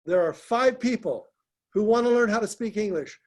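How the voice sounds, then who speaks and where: A man's voice: sits high, expressive, normal speed. A man hosting a group call, coaching listeners in a direct, encouraging way and often repeating himself. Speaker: host, business coach.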